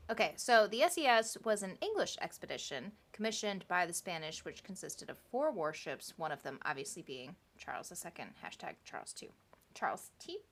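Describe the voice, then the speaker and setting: A woman's voice: fairly low pitch, sing-song, brisk. A woman co-hosting a podcast, telling a history story in a casual, chatty way with laughing asides. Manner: chatty, laughing asides and playful quoted voices.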